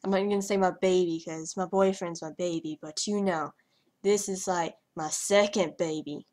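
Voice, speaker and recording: A woman's voice: fairly low pitch, steady tone, moderate pace, darkish tone. A young woman vlogger talking over her gameplay in a hyper, rambling way, trailing off and stuttering as she goes. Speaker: gaming vlogger. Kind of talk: casual commentary over gameplay.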